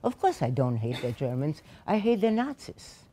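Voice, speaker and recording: A woman's voice: sits low, big pitch swings, moderate pace, warm tone, husky. A woman in her eighties, a survivor giving personal testimony to teachers at a seminar, telling her story with emphasis and emotion. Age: 80s. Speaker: Holocaust survivor speaking to teachers. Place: seminar room.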